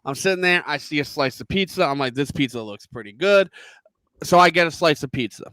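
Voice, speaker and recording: A man's voice: fairly high pitch, fairly quick, dry recording. A man, ranting and swearing as a podcast co-host in casual chat. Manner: profane, heated, animated ranting.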